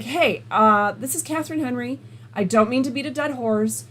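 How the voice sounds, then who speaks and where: A woman's voice: on the high side, breathy edge. Woman host telling a story animatedly. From United States. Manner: animated, retells conversations in quoted dialogue. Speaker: call-in show host. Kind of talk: casual spoken storytelling.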